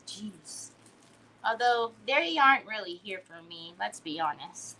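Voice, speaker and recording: A woman's voice: medium pitch, expressive, unhurried, sharp tone, a little hiss or hum. A woman hosting a crafting livestream in casual chat, playfully teasing and fondly scolding a pet while she works.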